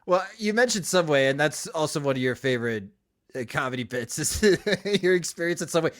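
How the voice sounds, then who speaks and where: A man's voice: on the high side, lively intonation, fairly quick. A man co-hosting a podcast, asking a guest questions in a casual, friendly chat. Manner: friendly questions, laughs along. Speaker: podcast co-host.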